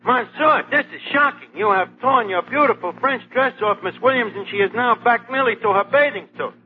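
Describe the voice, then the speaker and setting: A man's voice: very high voice, brisk, dull audio. A man playing a brash, wisecracking, pompous tavern manager in 1940s radio comedy, on a scratchy old broadcast. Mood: scheming. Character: fast-talking scheming male tavern manager. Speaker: comic lead in a radio comedy.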